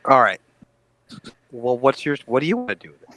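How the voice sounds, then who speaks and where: A man at a tabletop game with a mid-pitched voice and a wry, joking manner. He is recorded close and dry, with no room sound around him. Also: big pitch swings, fairly quick, pushed and bright, no room sound, rough recording. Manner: wry, cracks jokes. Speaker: player. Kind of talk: casual tabletop play.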